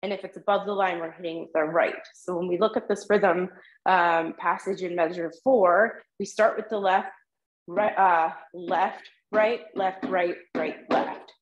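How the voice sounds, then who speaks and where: A woman's voice: on the low side, fairly even intonation, measured pace, roomy sound, dull audio. A woman teaching tenor drumming in an online group lesson, patiently counting the rhythms aloud with frequent ums. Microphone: video call microphone.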